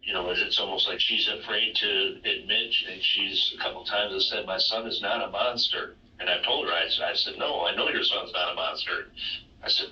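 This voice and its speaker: A man's voice: low-pitched, sharp tone. A man speaking in a documentary interview, hesitant and with fillers. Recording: distant, roomy, dull clip.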